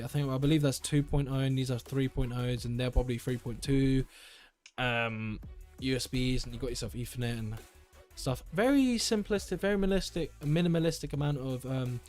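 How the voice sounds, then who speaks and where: A young man talks his way through a home live stream at a middle pitch, looping back and fixing his own words as he goes. His delivery is loose, chatty and enthusiastic, and faint music sits quietly behind him. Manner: rambling, self-correcting, enthusiastic. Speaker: tech livestreamer. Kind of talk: casual live-stream chat.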